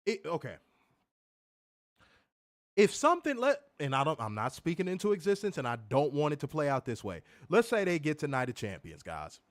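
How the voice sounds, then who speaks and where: Fired-up man ranting, high lively voice. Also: moderate pace. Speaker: wrestling podcast co-host. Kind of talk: casual heated commentary.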